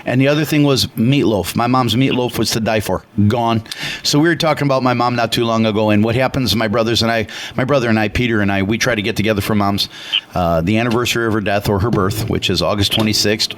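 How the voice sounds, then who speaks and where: A man from Chicago co-hosting a radio talk show, telling a story loudly and animatedly, with acted voices. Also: lowish voice, fast talker. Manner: loud and animated; passionate, retells dialogue with acted voices. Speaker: radio co-host.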